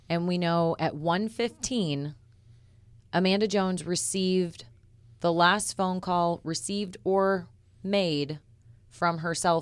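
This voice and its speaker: A woman reporter co-hosting a true-crime podcast, laying out facts in a measured, methodical way. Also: lowish voice, smooth, dry recording. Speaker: reporter and co-host.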